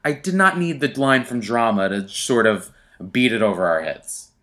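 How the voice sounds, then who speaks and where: A man's voice: mid-range voice, sing-song, moderate pace, bright, forceful tone. A man co-hosting a casual podcast, joking wryly and picking apart small flaws. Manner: wry, nitpicking, joking. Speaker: podcast co-host. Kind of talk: casual chat.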